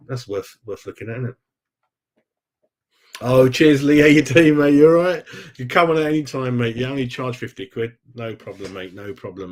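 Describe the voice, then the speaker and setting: A middle-aged man hosting a casual live fan stream, chatty and blokey, calling his viewers mate. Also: mid-range voice. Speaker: fan channel host. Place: home room.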